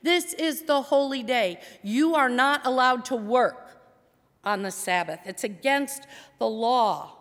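A woman doing an outraged synagogue leader, high and shrill. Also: slow pace, in a large hall. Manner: agitated, scolding, rising to a shout. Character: indignant male synagogue leader, rigid about rules.

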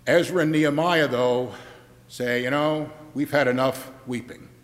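A man's voice: medium pitch, fairly even intonation, a little slow. A man preaching a sermon in a church, conversational and joking, often checking in with the congregation. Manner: conversational, keeps asking the congregation "right?", joking asides. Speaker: pastor. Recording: long hall reverb.

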